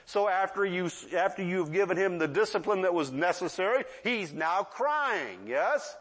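Older guy preaching, kinda high voice, chatty, keeps asking the crowd "yeah?". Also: expressive, normal speed, fairly bright tone, breathy edge. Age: 60s. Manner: conversational, often asks the audience "yeah?"; acts out children's voices in asides. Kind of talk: sermon.

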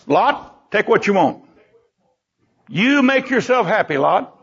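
A man voicing Abram as a generous, trusting patriarch in a calm, assured way, with a gravelly, husky voice. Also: high voice, takes it slowly, lo-fi sound, pitched above the performer's own voice, exaggerated voice.

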